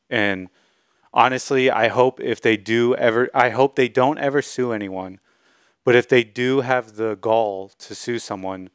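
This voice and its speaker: A man hosting a casual gaming chat, giving his opinions in a relaxed, frank way. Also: mid-range voice, smooth, no echo, clean studio sound. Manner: opinionated, laid-back. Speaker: podcast host.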